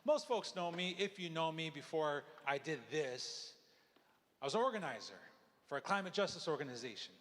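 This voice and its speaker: A man's voice: fairly high pitch, expressive, moderate pace, pauses often, fairly bright tone. A man from Oklahoma emceeing a live show on a theatre stage, loose and joking. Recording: theatre with crowd.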